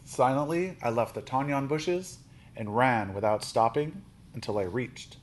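A man reading a children's novel aloud, lifting his voice for quoted lines and dropping low on speech tags. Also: measured pace, slight background noise. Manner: steady storybook reading, with small restarts.

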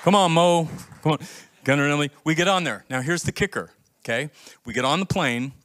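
A man pastor preaching a sermon, telling a story with acted-out quotes and building to emphatic, near-shouted points. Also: a little high, fairly quick, a faint crowd. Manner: animated storytelling, acts out quoted voices.

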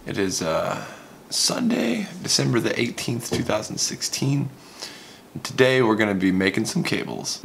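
A man's voice: low voice, a little hiss or hum. A man hosting his own channel, explaining how to make cables in a candid, rambling way that often corrects itself. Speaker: channel host. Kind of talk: casual DIY tutorial vlog. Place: home studio.

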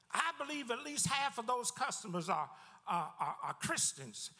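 Pastor guy preaching, high voice, lots of echo hanging in the church, repeats himself and dips way down. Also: normal speed, slightly rough. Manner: lively preaching with repeated words and sudden drops in pitch. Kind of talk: sermon. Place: church sanctuary.

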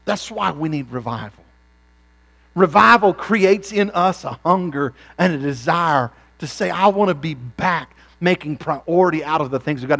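A man preaching a revival sermon in a church, folksy and humorous, climbing from low, conversational lines into loud, fervent peaks. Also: lively intonation, normal speed, gravelly. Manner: folksy, rising to fervent shouts then dropping low. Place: church sanctuary.

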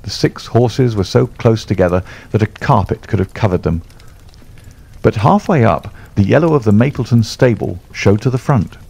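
A man reading a classic story aloud as an audiobook narrator, in an expressive, measured manner. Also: fairly low pitch, gravelly, breathy edge. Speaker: audiobook reader.

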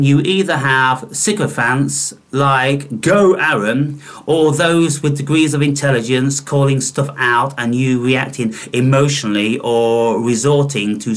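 A man's voice: medium pitch, fairly bright tone. A man preaching a belligerent, profane monologue to his viewers, scornful and full of rhetorical questions. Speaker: spiritual channel host.

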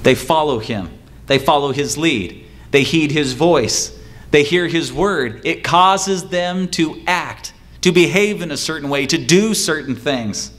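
A pastor preaching a sermon, driving home points with repetition and rhetorical questions, sometimes mimicking excuse-makers. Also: male voice, a bit bright. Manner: acts out excuse-makers in a higher, quicker voice.

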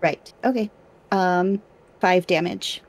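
Slow, low-voiced woman player. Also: a crowd in the background. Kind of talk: casual tabletop game play.

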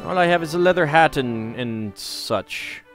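A jokey man hosting a casual game playthrough, his voice jumping around a lot as he reads out item pickups with excited bursts. Faint game music plays under him. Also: a little high, a little slow. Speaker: let's play host.

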